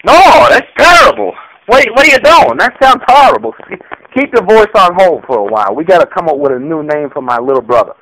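A man's voice: sits high, big pitch swings, brisk, fairly bright tone, slight background noise, rough recording. A man performing a comedic improvised skit, brash and profane, stumbling over himself with fillers. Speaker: parody performer.

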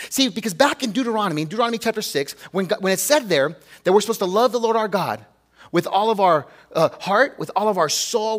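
Pastor, male, high-pitched, earnest, conversational sermon with rhetorical questions.

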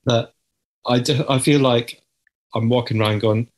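A man co-hosting a podcast in a chatty, self-mocking way, trailing off softly. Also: mid-range voice, steady tone, moderate pace. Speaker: podcast co-host. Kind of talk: casual chat.

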